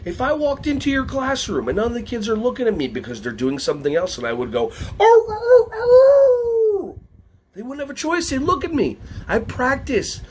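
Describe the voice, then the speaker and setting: A man from the United States leading a lively workshop for early childhood educators, playful and energetic. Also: very high voice, fast talker, hardly any pauses, slight background noise. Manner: animated, playful, breaks into songs and silly voices.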